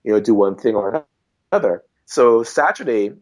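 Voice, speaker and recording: A man from Trinidad and Tobago, a podcast guest telling animated travel anecdotes and acting out the people he met. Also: medium pitch, moderate pace. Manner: animated, acts out quoted voices. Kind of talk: casual storytelling chat.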